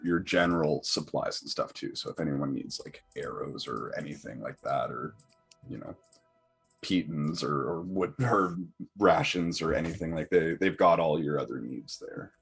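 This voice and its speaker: A man's voice: low voice, normal speed, gravelly, husky, soft background music. A man narrating a tabletop game as game master, talking in a hesitant way with many fillers and restarts.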